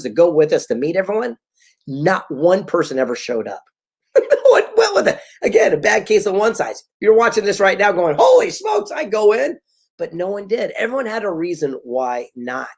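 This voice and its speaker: Middle-aged male motivational speaker, husky, very animated delivery, storyteller. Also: high-pitched. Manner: animated storyteller, acts out quoted dialogue. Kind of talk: motivational talk.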